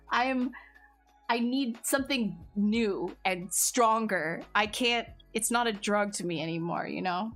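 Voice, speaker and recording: A woman's voice: mid-range voice, slow, long pauses, fairly bright tone. Casual woman streamer, bubbly and chatty, mid-range voice, faint music underneath. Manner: bubbly, chatty, laughs often, many likes and restarts. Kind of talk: casual chat with live chat.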